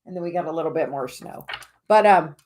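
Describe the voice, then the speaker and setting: A woman's voice: low voice, fairly quick, darkish tone. A woman giving oracle card readings on a casual livestream, rambling with many fillers and restarts.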